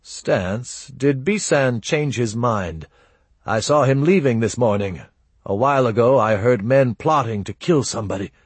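A man's voice: mid-range voice, lively intonation, a little slow, husky, no echo. A man reading aloud and voicing an anxious older father who talks in urgent, fretful questions.

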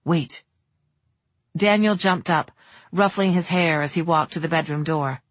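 A woman reading a novel aloud in steady audiobook narration. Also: on the low side, moderate pace, no room sound.

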